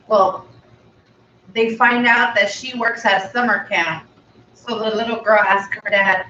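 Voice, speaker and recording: A woman's voice: mid-range voice, steady tone, unhurried, sharp tone, slight background noise. A woman hosting a food video, casually retelling a film story in a chatty, rambling way. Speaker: mukbang channel host. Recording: echoey room, slightly dull, from a distance.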